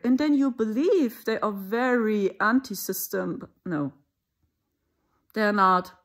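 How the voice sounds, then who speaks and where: A woman from Germany with a German accent, talking in a rambling, conversational monologue for her own channel. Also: on the high side. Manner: rambling, conversational, with mocking asides. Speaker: spiritual channel host. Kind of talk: casual spoken monologue.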